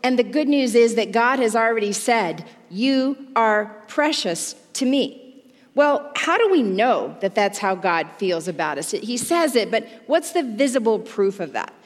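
A woman delivering a sermon in a measured, teaching tone, lingering on important words. Her voice is somewhat high for a woman and carries long reverb from a large church hall. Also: expressive. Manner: warm, measured teaching, slowing on key words. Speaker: pastor's wife and teacher.

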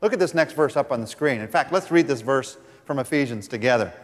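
A pastor preaching a sermon, earnest, reading scripture aloud with the congregation. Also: male voice, mid-range voice, animated, brisk, few pauses. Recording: long reverb of a large hall.

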